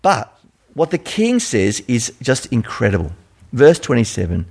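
A man's voice: medium pitch, huge pitch swings, a little slow, gravelly, breathy edge. A middle-aged Australian man giving a sermon in a conversational style, full of rhetorical questions. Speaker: preacher.

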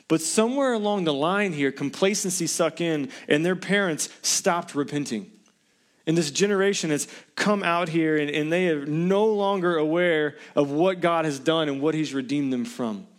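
A pastor delivering an earnest, conversational sermon to his congregation, often asking the listeners questions. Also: a little high.

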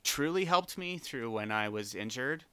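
A chatty man from Canada hosting a casual podcast, laughing often and restarting his sentences as he goes. His voice is bright, smooth and clear, and it sits close to the mic with a dry, dead sound and no room around it. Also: medium pitch, animated, measured pace, no room sound. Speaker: podcast co-host.

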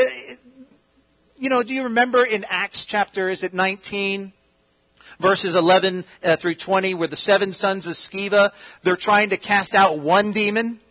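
A man preaching a sermon in an auditorium, swinging between loud emphatic peaks and quiet asides. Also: high voice, lo-fi sound. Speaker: pastor.

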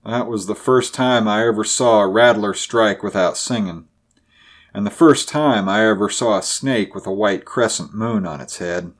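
A man's voice: on the low side, moderate pace, lightly acted. A man doing a curt, grim man. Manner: curt, snappish. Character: grim, blunt male man of action.

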